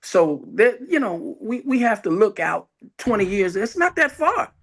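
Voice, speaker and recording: An older man, a former councilman, talks on a community panel in a somewhat high voice. He is reflective and slows right down on the words he wants to stress. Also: sing-song, fairly bright tone. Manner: reflective, with slow emphatic stretches. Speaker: former city council member. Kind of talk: panel discussion.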